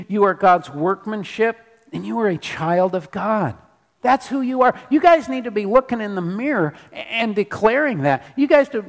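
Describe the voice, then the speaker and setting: A man preaching a sermon as pastor in a church, animated, repeating his declarations. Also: sits high, long reverb tail.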